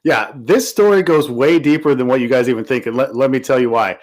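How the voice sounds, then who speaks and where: A man co-hosting a podcast, telling a sports story in an animated, emphatic way. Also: mid-range voice, fairly quick, low-quality recording. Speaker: podcast co-host. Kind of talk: casual sports talk.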